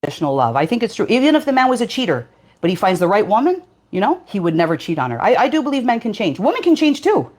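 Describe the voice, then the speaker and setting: A woman's voice: mid-range voice, big pitch swings, quick pace, darkish tone. A woman answering interview questions in a hesitant way, with many fillers and restarts. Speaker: interview guest.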